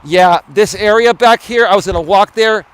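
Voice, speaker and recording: A man's voice: high-pitched, normal speed, clear, resonant tone. A man life coach talking bluntly to his live chat while walking outdoors around a building, streaming from his phone. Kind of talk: casual live-stream monologue.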